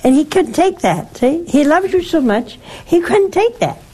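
An older woman, a nun hosting a call-in show, teaching faith in a slow, gentle, emphatic way with rhetorical questions. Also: very high voice, very animated, rough recording. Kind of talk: religious teaching and call-in advice.

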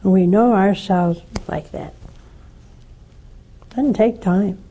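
A woman hosting a call-in religious show, gently teaching and counseling callers in an earnest, emphatic way. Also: medium pitch. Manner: slow, gentle, earnest preaching with emphatic rises. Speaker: call-in show host, nun.

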